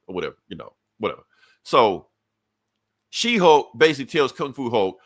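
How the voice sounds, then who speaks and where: A man co-hosting a podcast, recapping a comic book in a casual, profane, animated way. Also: medium pitch, fairly quick. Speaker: podcast co-host.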